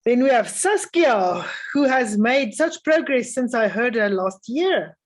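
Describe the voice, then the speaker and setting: A woman with a slightly high voice adjudicates a music festival. Her spoken feedback to the young string players is calm and encouraging, punctuated often by "um."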